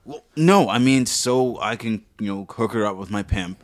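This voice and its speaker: A man co-hosting a comedy podcast, teasing in a playful deadpan way. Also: on the low side, normal speed, dry recording, studio quality. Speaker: podcast co-host. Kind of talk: improvised comedy chat.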